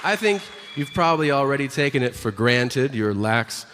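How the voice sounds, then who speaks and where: Animated stand-up comedian with a bright voice. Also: male voice, mid-range voice, moderate pace, in a large hall, a little hiss or hum. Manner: animated, profane storytelling, acting out characters. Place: stage before a live audience.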